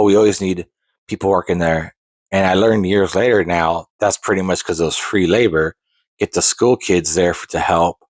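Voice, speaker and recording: A deep-voiced man in his forties hosts a podcast and spins a long, rambling personal story full of restarts and tangents. The casual monologue is recorded with no room sound.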